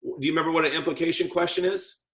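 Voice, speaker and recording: A man leads a dental team training in a lively, joking way, often slipping into what he'd say to a patient. His voice sits a little high. The sound bounces around an echoey meeting room. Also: racing. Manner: lively, jokey, acts out patient talk. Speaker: practice coach.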